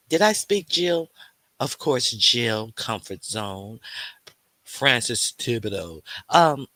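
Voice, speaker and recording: A man's voice: mid-range voice, sharp tone, no echo. A man hosting a casual livestream, teasing the chat, reading out viewer names and breaking into snatches of song. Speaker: livestream host.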